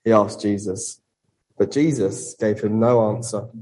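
A man preaching a sermon and reading a Bible passage, earnest, with rhetorical questions and slowing down for emphasis. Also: lowish voice, steady tone, darkish tone, poor audio.

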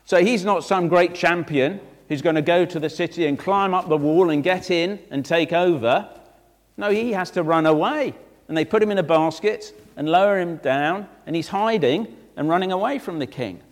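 A man's voice: high-pitched, normal speed, big-room sound. A man, a vicar, preaching a sermon with rhetorical questions and direct asides to children.

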